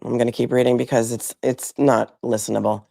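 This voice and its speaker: A woman's voice: rumbling low, level tone, fairly quick, creaky, very noisy. A woman attorney giving live legal commentary, reading transcripts aloud with blunt, sarcastic asides.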